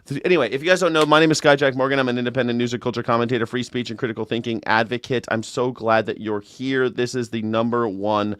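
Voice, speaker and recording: A man's voice: mid-range voice, steady tone, quick pace, hardly any pauses, fairly bright tone, clear, resonant tone. A man hosting a casual livestream news and culture commentary show, rambling and jokey with self-mocking asides. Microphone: desk mic with monitors.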